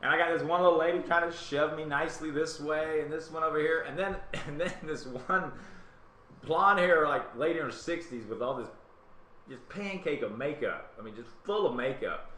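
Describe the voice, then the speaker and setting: A man with a Southern US accent hosting a live web talk show, telling a story in a casual, animated way and acting out other people's lines. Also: on the high side, moderate pace. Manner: animated, acts out quotes in other voices. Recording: roomy webcam stream with faint hiss.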